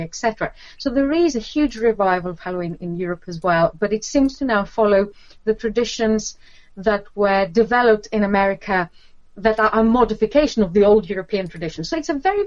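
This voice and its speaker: A woman's voice: mid-range voice, dry recording. Woman lecturer, hesitant, full of fillers; dry, slightly muffled recording. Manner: hesitant, many fillers and restarts. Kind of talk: lecture on literature and folklore.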